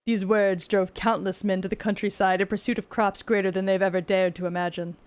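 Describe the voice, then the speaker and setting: A woman's voice: mid-range voice, level tone, a little fast, smooth, natural voice. A woman voicing a grand, dramatic British male narrator in a put-on British accent, telling a mock-epic tale.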